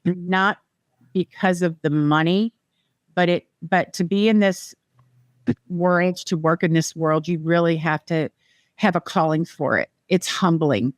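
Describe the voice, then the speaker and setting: A middle-aged woman from the American Midwest, talking as a real estate guest on a podcast, chatty and quick to laugh. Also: on the low side, no echo. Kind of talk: casual podcast chat.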